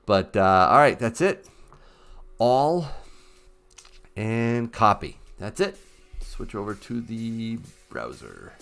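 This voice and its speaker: Chatty man hosting a lively livestream. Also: fairly low pitch, slow pace, long pauses, clear, resonant tone. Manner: chatty, upbeat, talks to viewers. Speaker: livestream host. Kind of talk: casual livestream chat.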